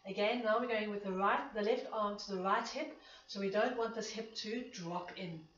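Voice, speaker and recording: A woman's voice: mid-range voice, normal speed, a bit bright, faint music behind. A woman leading a pilates class, counting reps and a bit out of breath as she exercises along. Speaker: pilates instructor. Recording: echoey room, distant dull mic.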